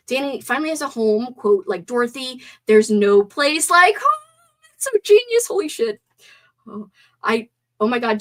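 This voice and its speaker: A young woman hosting a casual live stream movie talk, animated, swearing and gasping as she reads out chat comments. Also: mid-range voice.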